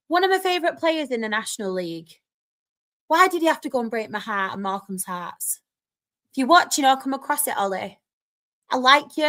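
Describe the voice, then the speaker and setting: This is a young Northern English woman with a high-pitched voice hosting a live stream. She chats casually and reads out comments, excitable and laughing quickly.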